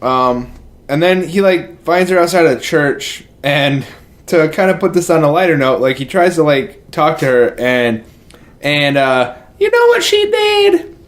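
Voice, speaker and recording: A man's voice: a little high, a little slow. A man co-hosting a podcast, retelling a film in a loose, rambling way full of fillers. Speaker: podcast co-host. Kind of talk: casual chat.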